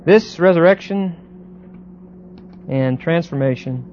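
A man lecturing a Bible class, pausing and repeating words and often checking that students follow. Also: a little high, a little mellow. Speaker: Bible teacher. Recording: dull lo-fi recording with faint hiss.

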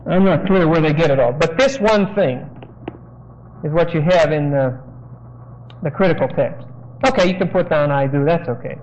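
A high-pitched preacher gives expository Bible teaching verse by verse, slowly explaining each word and pausing so listeners can write down phrases he dictates. His voice is a little mellow, and the dull, lo-fi recording resembles an old sermon tape with some hiss or hum.

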